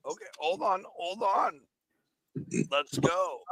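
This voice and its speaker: Bright, higher-voiced laughing man co-host. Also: very animated, slow pace, dry recording, rough recording. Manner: laughing, playful, addresses listeners. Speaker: podcast co-host. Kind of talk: casual podcast banter.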